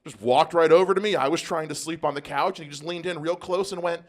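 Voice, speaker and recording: A man's voice: a little high, fast, voice pushed up, close to an everyday voice. A man voicing a female house cat who testifies in court, plaintive and complaining about her owner. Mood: aggrieved.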